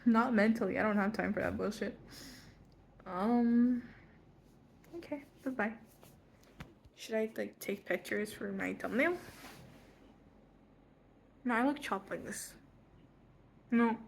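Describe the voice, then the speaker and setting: A teenage girl in a casual vlog, telling a long story in a rambling way, full of "like" and quick self-corrections. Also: fairly high pitch, vocal fry, slight background noise. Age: teens. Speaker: vlogger. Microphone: front phone camera.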